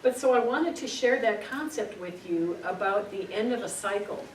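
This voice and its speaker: A middle-aged woman teaches a small group in an informal, earnest spiritual talk, full of stories and repeated words. She sits away from the mic, so her voice carries a roomy echo. Steady background noise runs beneath her. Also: medium pitch, normal speed. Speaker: spiritual speaker. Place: meeting room. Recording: echoey room, distant mic, noisy.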